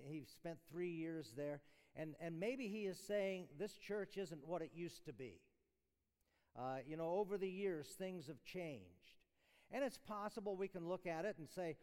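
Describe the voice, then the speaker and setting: A man's voice: a little high, normal speed, clean tone. Earnest man preaching in a reverberant hall. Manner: earnest, explanatory, with restarts and soft chuckles. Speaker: chapel speaker. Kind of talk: sermon. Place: university chapel hall.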